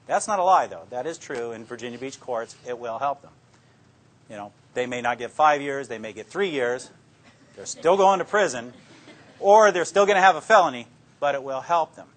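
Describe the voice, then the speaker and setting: A man's voice: medium pitch, normal speed, pauses often. Older man telling folksy police stories. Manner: folksy, plainspoken storytelling that acts out his own interrogation lines. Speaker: police detective speaking to law students. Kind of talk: anecdotal talk to an audience.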